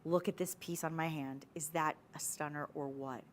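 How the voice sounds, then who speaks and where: A woman's voice: low-pitched, steady tone, normal speed, slight background noise. A woman hosting a live TV shopping show, selling jewelry in a chatty, persuasive way and talking straight to viewers. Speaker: shopping channel host. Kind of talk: live TV jewelry sales pitch. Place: TV studio.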